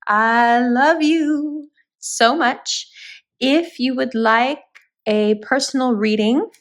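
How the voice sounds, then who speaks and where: A woman's voice: sits high, takes it slowly. A woman giving a spoken tarot reading, talking straight to her viewers in an earnest, reassuring way. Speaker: tarot reader.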